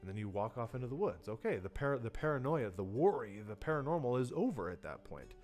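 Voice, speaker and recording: Very animated and fast-talking, this man has a mid-range voice with a darkish tone and soft music behind him. He's a tabletop game design teacher livestreaming a workshop on horror writing for role-playing games, speaking loosely with plenty of fillers and restarts while acting out how players react.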